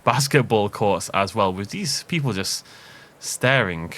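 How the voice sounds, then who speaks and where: A man giving a casual, upbeat commentary on a video game park tour, chatty and quick to laugh at his own jokes. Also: on the low side, lively intonation, fairly bright tone.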